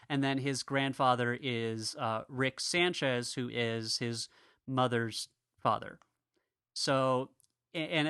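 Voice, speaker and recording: A man's voice: medium pitch, sharp tone, smooth, no echo, studio quality. A man co-hosting a podcast, talking in a rambling, casual way with frequent restarts and laughter. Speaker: podcast co-host.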